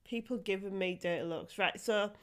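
A woman co-hosting a podcast, telling stories in a chatty, animated way with frequent laughs. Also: mid-range voice, normal speed. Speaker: podcast co-host. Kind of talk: casual chat.

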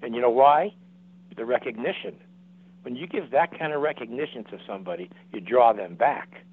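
A man's voice: medium pitch, lively intonation, normal speed, husky, no echo. A man in his seventies, a guest telling long rambling stories with lots of restarts and acted-out quotes. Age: 70s. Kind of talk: casual storytelling. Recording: dry tinny phone-like line.

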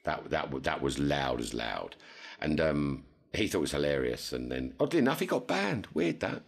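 A very deep-voiced man tells a rambling story on a casual podcast. He is animated and jumps sharply higher whenever he quotes someone. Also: normal speed, vocal fry. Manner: animated, jumps to high pitch when quoting others. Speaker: podcast co-host.

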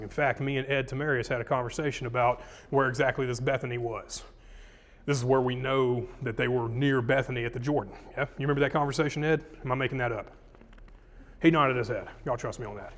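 A pastor teaches through a sermon in a relaxed, conversational way. He talks with the people in front of him and reads scripture passages with rising emphasis. His voice sits at a middling pitch for a man.

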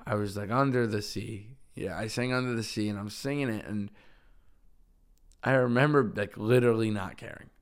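A young man with a lowish, brisk voice hosts his own podcast solo, chatting in a casual, upbeat way. He rambles a bit and keeps restarting sentences to correct himself.

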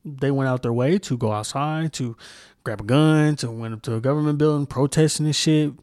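Heated, profane man with a dark voice. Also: medium pitch, fairly quick, dry recording, studio quality. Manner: heated, profane, repeats himself; frequent restarts while searching for words. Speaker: podcast host. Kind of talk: solo podcast monologue.

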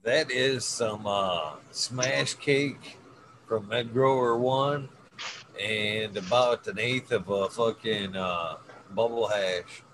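A man talking slowly and laughing in a casual chat. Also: on the low side, noisy background. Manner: slow, drawling, laughing.

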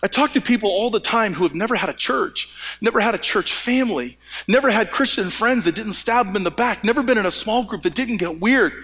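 A man preaching a lively sermon as pastor, joking with the congregation and often repeating and restarting words. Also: sits high, fairly quick. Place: church hall. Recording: long hall reverb.

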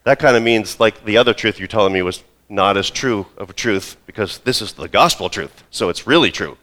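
A male pastor delivering a sermon in a deep, low voice. He talks the congregation through a story. His delivery is conversational, with asides and acted-out lines. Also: brisk, a bit bright. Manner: storytelling, acts out quoted voices.

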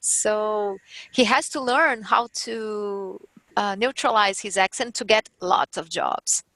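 Slow-talking woman. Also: medium pitch, a bit bright, dry recording. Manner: careful, halting English with a strong accent. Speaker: voice actor guest. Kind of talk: podcast roundtable chat.

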